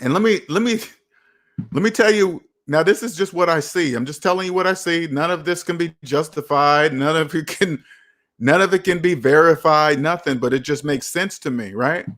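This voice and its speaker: Man, personal finance host, casual livestream talk, emphatic, rhetorical questions, higher-pitched. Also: moderate pace, a bit bright.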